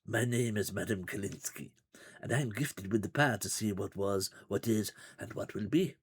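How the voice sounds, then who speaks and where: A man voicing a mysterious fortune-teller woman with a husky, soothing Eastern European accent, hushed and low. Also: moderate pace. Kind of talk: reading a gamebook aloud on a livestream.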